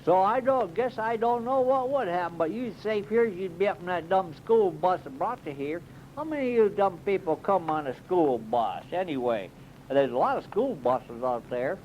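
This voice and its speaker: A man's voice: sits high, animated, normal speed, slight background noise. Folksy man, dull lo-fi sound. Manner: folksy rambling drawl, mock alarm. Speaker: comic cave tour guide. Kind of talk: comic monologue. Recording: dull lo-fi recording.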